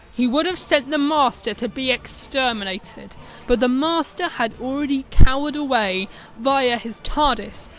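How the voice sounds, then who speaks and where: A woman narrating a fan short story in a brisk storytelling manner. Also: a little high, fairly bright tone.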